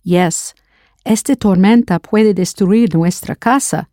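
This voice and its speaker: A woman's voice: mid-range voice, lively intonation, measured pace, dark tone, dry recording, studio quality. A woman teaching a recorded language lesson, spelling words out letter by letter and asking the listener to answer. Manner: spells words letter by letter, then prompts the learner.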